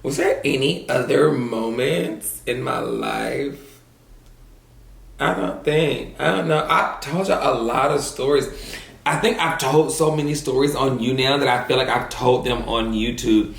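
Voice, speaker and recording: A man's voice: mid-range voice, a little slow, gravelly, reverberant. A man vlogging at home, telling crude stories in a sassy, casual way and calling the audience "girl". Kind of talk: casual storytelling mukbang chat.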